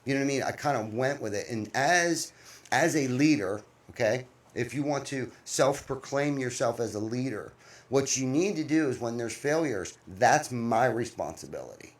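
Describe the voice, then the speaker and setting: A man hosting a casual podcast, telling workplace stories in a blunt, animated way with some swearing. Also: mid-range voice, moderate pace. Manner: animated storyteller, blunt and profane. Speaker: podcast host, business owner. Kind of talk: casual chat.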